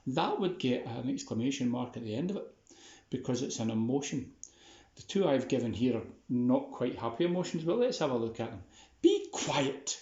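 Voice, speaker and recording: A man gives a relaxed, chatty lesson, upbeat and a little playful. His voice sits at a middle pitch. The sound is roomy and slightly dull, as if recorded on modest gear in an echoing room. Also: a little fast. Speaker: teacher. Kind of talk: casual classroom video lesson.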